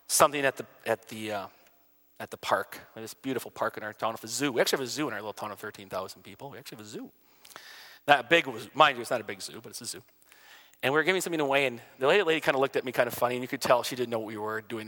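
A man, a pastor, telling stories in an animated way during a conversation, with his voice rising and dropping as he goes. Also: medium pitch, long reverb tail. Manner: animated storyteller, swings loud and soft. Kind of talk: storytelling in a conversation.

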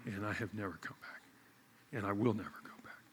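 A middle-aged male pastor telling a story in a sermon, animated and self-mocking. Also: fairly low pitch, fairly quick, a little hiss or hum.

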